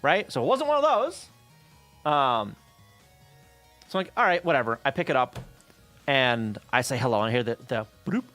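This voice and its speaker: A man streaming, telling a story in casual chat with an animated, profane manner, acting out the voices of the people he talks about. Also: medium pitch, normal speed, long pauses, faint music behind.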